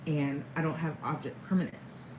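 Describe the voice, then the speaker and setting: A woman's voice: deep voice, fairly even intonation, moderate pace, background noise. A woman in her thirties rambling candidly to camera in a casual personal vlog, chuckling between thoughts. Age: 30s. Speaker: vlogger. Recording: echoey room, faint background ambience.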